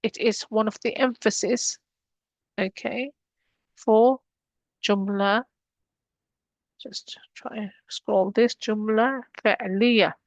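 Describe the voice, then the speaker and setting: A woman's voice: mid-range voice, fairly even intonation, unhurried, no room sound, lo-fi sound. Woman, grammar teacher, patient step-by-step explaining, dry close sound. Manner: explains steps patiently, mixing English with Arabic terms. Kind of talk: online grammar lesson.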